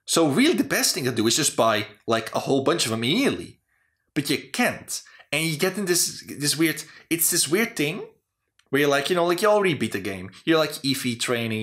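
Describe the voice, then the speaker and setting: A man's voice: a little high, sing-song, fairly quick, a bit bright. A young man hosting a casual chat about game design, rambling and exasperated, with frequent swearing. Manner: rambling, profane, exasperated ranting. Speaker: host.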